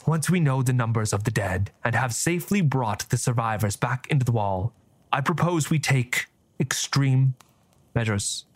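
A man voicing a scheming, composed male church cardinal who speaks in measured, formal oratory. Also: mid-range voice, expressive, no echo, close to an everyday voice. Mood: solemn.

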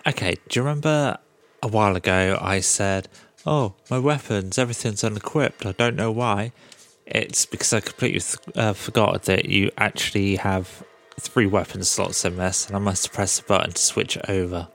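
A man's voice: low-pitched, normal speed, creaky, fairly bright tone, faint music behind. A man hosting a podcast, recapping a video game in a casual, sarcastic way and swearing freely. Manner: sarcastic, swears freely, mocks the game's characters. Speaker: podcast host.

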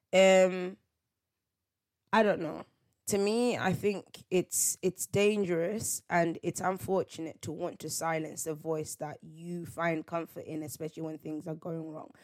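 Woman, lowish voice, reflective solo podcast host who talks things through with rhetorical questions. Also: a little mellow. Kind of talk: solo faith podcast monologue.

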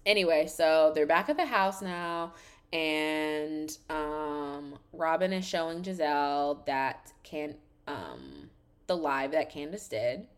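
A woman hosting a podcast, recapping a reality show in casual chat, sassy and animated, swearing freely and saying "like" constantly. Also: low voice, takes it slowly, clear, resonant tone.

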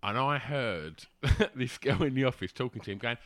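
A man's voice: medium pitch, moderate pace, few pauses, fairly bright tone. A man telling a long casual story, rambling with fillers and restarts and laughing as he goes. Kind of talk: casual anecdote.

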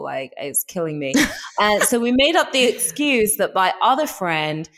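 A woman's voice: medium pitch, a little slow. An English woman co-hosting a podcast, telling stories in casual chat and laughing often. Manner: chatty, laughs often, animated storytelling. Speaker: podcast co-host.

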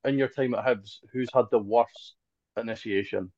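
A man's voice: mid-range voice, fairly even intonation, normal speed, a little mellow, no echo. A man hosting a podcast, asking questions in a teasing, easygoing way. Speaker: podcast host. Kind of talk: casual podcast interview. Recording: dry, dull lo-fi sound.

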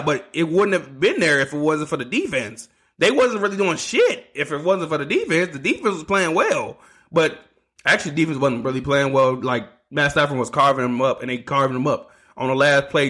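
A man's voice: on the high side, fairly bright tone. A man hosting a solo sports podcast, ranting casually with lots of swearing and restarts. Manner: ranting, profane, restarts a lot. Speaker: podcast host.

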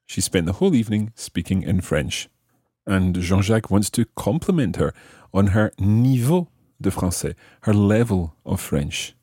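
A man hosting a language lesson podcast, explaining French phrases slowly and carefully. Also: on the low side, big pitch swings, dark tone, husky, dry recording, studio quality. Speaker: language teacher host.

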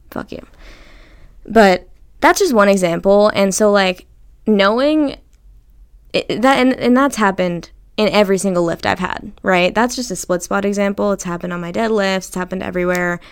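A young woman hosting a casual solo podcast, chatty and animated, swearing freely and acting out what people said to her. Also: fairly low pitch, creaky, smooth. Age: young adult. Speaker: podcast host.

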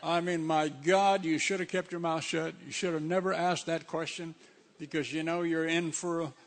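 A man's voice: fairly high pitch, steady tone, moderate pace. A man preaching a sermon in a conversational, emphatic way, with frequent asides.

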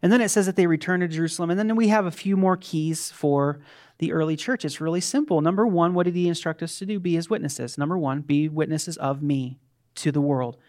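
A middle-aged man, a pastor, preaching an animated, conversational sermon with quick asides. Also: fairly high pitch.

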